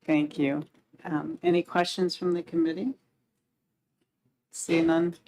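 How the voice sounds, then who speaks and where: A woman chairing a senate committee hearing, calling the speakers in a brisk, procedural way. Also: low-pitched, flat delivery, darkish tone, a little hiss or hum, poor audio.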